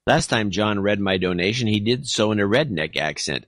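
A man with a lowish voice reads listener notes on a podcast, tossing in dry, wry asides. The sound is close and dead, with no room around it. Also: animated, normal speed, a bit bright, dry recording. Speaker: podcast co-host reading donations. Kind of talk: casual chat.

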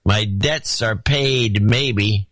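A man's voice: on the low side, drawn-out words, a bit bright, husky, no echo, heavily acted. Man voicing a tipsy, rambling male donor: slurred, hesitant, dry close sound.

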